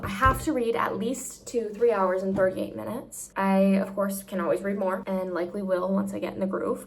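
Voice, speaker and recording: Woman, reading vlogger, casual and effusive, mid-range voice, faint background noise. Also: medium pitch. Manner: gushing, emotional, full of "like". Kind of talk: casual vlog check-ins.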